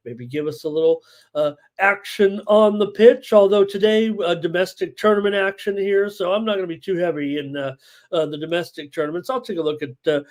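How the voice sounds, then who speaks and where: A man's voice: high-pitched, a little mellow. A man hosting a live sports betting stream, talking casually with frequent fillers and reading viewer chat aloud. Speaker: sports betting show host.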